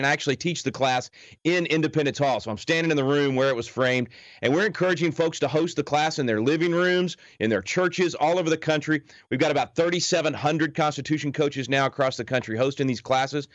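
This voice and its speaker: Fast-talking earnest man on a dull line. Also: on the high side, dry recording. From Texas. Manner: earnest, promotional, emphatic. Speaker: guest, constitution teacher. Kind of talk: interview answers.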